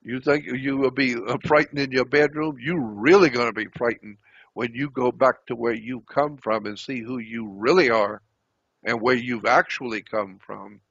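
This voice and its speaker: A man's voice: mid-range voice, fairly even intonation, moderate pace, a bit bright, breathy edge, no echo, highs cut off. An older man telling a personal story as a channel host, earnest, often repeating himself and restarting phrases. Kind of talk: storytelling monologue.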